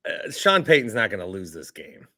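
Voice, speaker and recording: A man with a bright, sharp voice co-hosts a casual sports podcast. He chimes in with wry, joking remarks. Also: fairly low pitch, very animated, normal speed.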